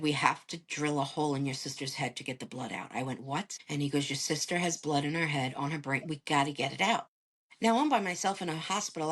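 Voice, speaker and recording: A woman's voice: deep voice, breathy edge. A woman, a podcast guest, casually telling a family story and acting out the dialogue as she goes. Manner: animated retelling that acts out quoted dialogue. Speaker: podcast guest, caregiver sister.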